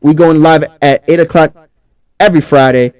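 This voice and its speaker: A man's voice: fairly high pitch, fairly even intonation, normal speed, darkish tone, clear, resonant tone, dry recording. A man from Pennsylvania, hosting a casual livestream sports talk show and talking straight to his chat in a hyped way.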